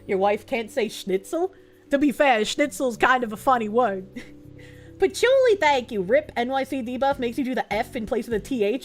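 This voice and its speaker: A woman's voice: fairly high pitch, expressive, moderate pace, soft background music. A woman streamer chatting casually with her viewers, swearing freely and often breaking into squealing laughter. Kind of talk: casual chat reading viewer comments.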